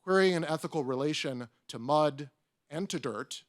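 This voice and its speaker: A man's voice: on the high side, normal speed, dry recording, studio quality. A man, an academic panelist, reading a prepared talk aloud with wry, self-mocking asides. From United States. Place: conference room.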